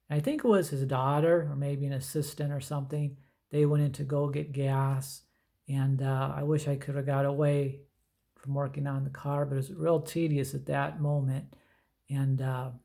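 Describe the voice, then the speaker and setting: A middle-aged man chatting casually as he shows his comic book collection, rambling with lots of fillers. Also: on the high side. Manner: rambling, relaxed storytelling with many fillers. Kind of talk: casual show-and-tell chat.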